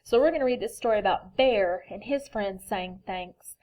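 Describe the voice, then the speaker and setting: A woman teacher reading a picture book to children, then giving instructions in a gentle, expressive, patient way. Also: medium pitch, moderate pace, low-quality recording.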